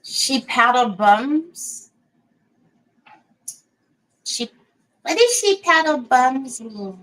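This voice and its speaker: A woman's voice: sits high, very animated, drawn-out words, a bit bright, low-quality recording. A woman hosting a casual craft livestream, chatting to viewers by name, laughing often and teasing herself. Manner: self-deprecating and giggly.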